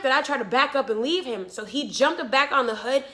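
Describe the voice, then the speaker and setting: A woman's voice: high voice, fairly quick, fairly bright tone. A young woman vlogger animatedly retelling a frightening story, swearing freely and talking breathlessly. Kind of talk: storytime vlog.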